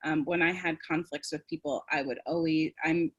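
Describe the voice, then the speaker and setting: Brief: low-pitched woman webinar presenter, from the US, demonstrative teaching talk. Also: steady tone, moderate pace, husky, lo-fi sound. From United States. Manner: demonstrative, acts out tones and phrases.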